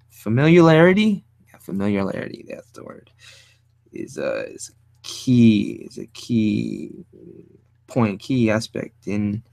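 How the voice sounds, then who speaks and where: A man teaching design while he draws, thinking aloud in a casual, rambling way, often hunting for the right word and sometimes speaking low. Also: vocal fry, no room sound. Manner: speaks fairly low and quiet at times. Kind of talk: casual drawing tutorial talk.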